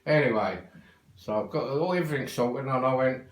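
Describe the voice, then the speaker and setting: A man's voice: mid-range voice, a little fast, echoey room, low-quality recording. An older man with a London accent telling a long rambling family anecdote in a casual, swearing, cheerful way. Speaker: storyteller.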